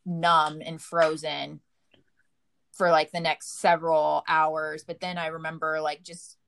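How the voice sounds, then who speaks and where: A woman's voice: deep voice, level tone, takes it slowly, gravelly, fairly bright tone. A woman telling a painful personal story in casual conversation, full of fillers and quoted dialogue. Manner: emotional, frequent "like" fillers, quotes herself. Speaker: partner of a recovering addict, guest.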